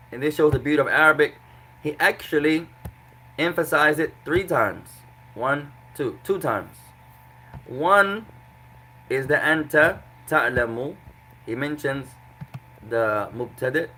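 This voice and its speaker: A man's voice: fairly high pitch, lively intonation, slow, long pauses, bright, forceful tone, rough recording. A man teaching an Arabic grammar lesson to a class, explaining patiently and repeating examples.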